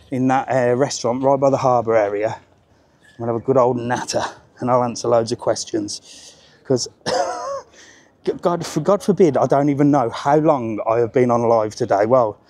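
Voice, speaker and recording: A man's voice: medium pitch, a little mellow. A man walking and talking into his phone on a seaside promenade, chatty and cheerful as he live-streams. His voice sits in an ordinary middle register for a man. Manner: chatty and upbeat, chats with passers-by. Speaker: travel vlogger. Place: outdoors on a busy seaside promenade.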